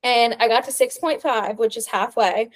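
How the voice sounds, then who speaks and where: Speaking at a moderate pace in a fairly high voice, this young adult woman co-hosts a podcast. She spins a long, chatty story, stuffed with "like" fillers.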